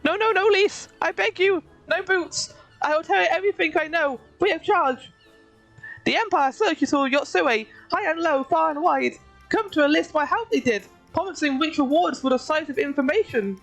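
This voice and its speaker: A woman doing a high, sing-song voice for a shifty, obsequious little male catfish-folk informant while reading game dialogue aloud. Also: moderate pace, fairly bright tone, soft background music, low-quality recording. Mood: pleading. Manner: pleading, obsequious, backwards-worded speech.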